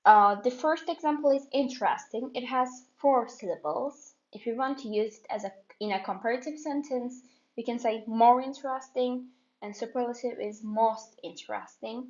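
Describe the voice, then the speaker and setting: A woman teaching an English grammar lesson, explaining step by step with repeated examples and short pauses. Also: a little high. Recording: slightly dull lo-fi audio.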